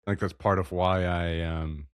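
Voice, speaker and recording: A podcast guest with a very deep voice talks haltingly. He restarts and hunts for words as he goes. The recording is dry and close. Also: steady tone, clear, resonant tone, dry recording. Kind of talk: casual chat.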